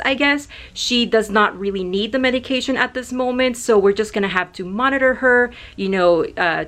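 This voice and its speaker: A woman's voice: fairly low pitch, fairly bright tone. A young adult woman vlogging, talking to camera in an emotional, grateful way, rambling with many fillers. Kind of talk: casual talk to camera.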